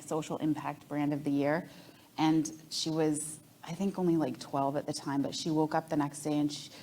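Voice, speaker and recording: A Canadian woman in her forties, an entrepreneur guest in a live onstage interview, telling lively stories and laughing often. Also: deep voice. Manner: animated storytelling, laughs often.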